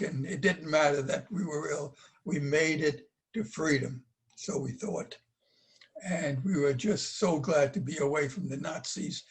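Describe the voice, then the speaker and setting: A man in his eighties from Belgium, telling his life story in a plain, earnest way as a survivor speaker. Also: on the high side. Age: 80s. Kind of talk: personal testimony talk.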